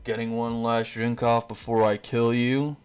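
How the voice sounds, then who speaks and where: A man's voice: mid-range voice, flat delivery, a little slow, a little mellow, clean tone, lightly acted. A man voicing a cold, menacing male ninja villain with a dry, scornful manner in a fan-made story.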